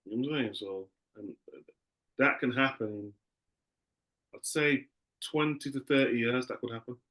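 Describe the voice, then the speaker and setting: A man's voice: mid-range voice, normal speed, a bit bright. A man teaching a class in a loose, conversational way, often repeating himself.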